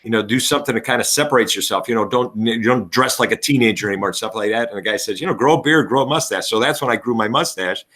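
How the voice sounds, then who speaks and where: A man's voice: medium pitch, fast talker, few pauses. A man, a retiring teacher and coach telling stories in a casual podcast chat. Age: 60s. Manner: animated storyteller, acts out voices.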